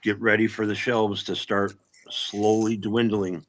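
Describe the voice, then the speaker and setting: A man's voice: on the low side, flat delivery, a little slow, slight background noise. A man in casual political chat, blunt and sarcastic, swearing freely.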